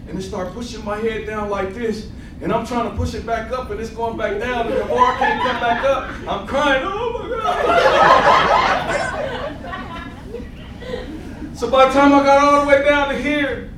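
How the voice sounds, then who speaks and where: A man preaching a sermon and telling his own testimony, acting out scenes and laughing as he goes. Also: high voice. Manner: animated storyteller, acts out scenes, laughs often. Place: church sanctuary. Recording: echoey church, mic from a distance, faint room noise.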